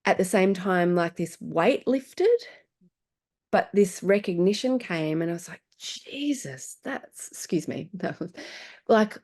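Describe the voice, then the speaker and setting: A woman's voice: fairly low pitch, lively intonation, unhurried, a little mellow. A woman, a guest telling her story in a casual, earnest and emotional way, often restarting her sentences. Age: 40s. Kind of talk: casual chat.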